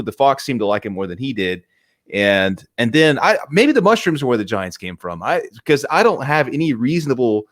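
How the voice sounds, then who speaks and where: A man co-hosting a casual film talk podcast, excitable and profane, laughing as he retells scenes. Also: mid-range voice. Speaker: podcast co-host.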